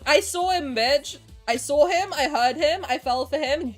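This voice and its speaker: A woman in her twenties chatting casually on a stream, answering chat in an animated way, swearing freely and swinging between low mumbles and loud outbursts. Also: normal speed, hardly any pauses, faint music behind. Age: 20s.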